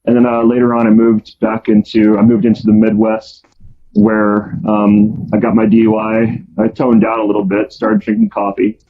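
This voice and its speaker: A man's voice: lowish voice, completely flat delivery, moderate pace. A man casually telling his life story, rambling with many ums and restarts. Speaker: storyteller guest. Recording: dull lo-fi sound.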